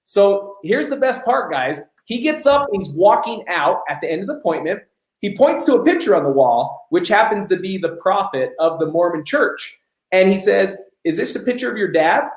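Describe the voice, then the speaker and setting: A man's voice: sits high, normal speed, roomy sound, poor audio. A man hosting a live Q&A on business coaching, telling stories and acting out the dialogue. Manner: animated storyteller, acts out quoted dialogue. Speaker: host.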